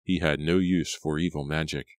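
Man narrating an audiobook, super deep voice, steady pace, dry close sound. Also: moderate pace, dry recording. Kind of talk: scripted narration.

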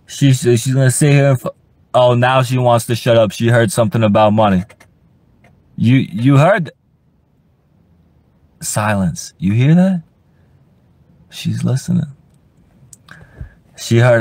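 A young man rambling on a livestream, full of curses and stammered restarts. His voice sits at an ordinary middle pitch and is recorded dry and close. Now and then he jumps into high-pitched shouting. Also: slow, long pauses, no echo. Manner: profane and rambling, stutters and repeats himself. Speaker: livestream host. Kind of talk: casual livestream rant.

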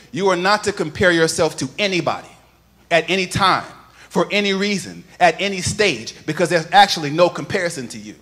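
A male pastor with a high voice preaches a sermon, moving from quiet, conversational storytelling to loud, sing-song preaching. He calls on the congregation to repeat phrases after him.

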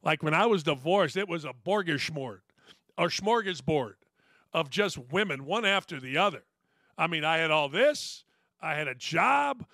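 A middle-aged male sports talk host on a full rant, blunt and sarcastic, scoffing at his critics. His voice sits high and comes across bright and sharp. The studio sound is dry and close, with no room echo. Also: animated, moderate pace. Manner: blunt, sarcastic, mocking, laughs at his own jokes.

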